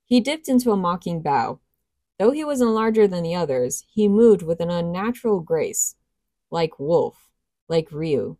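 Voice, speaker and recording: Woman reading a story aloud, low voice. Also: sing-song, normal speed, mellow, no room sound, studio quality. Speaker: audiobook reader. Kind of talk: storybook narration.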